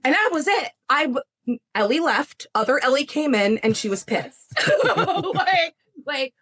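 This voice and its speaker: A young adult woman, a psychic medium appearing as a podcast guest, tells a story in casual chat, animated and laughing as she acts out other people's voices. Her voice is high-pitched and unhurried.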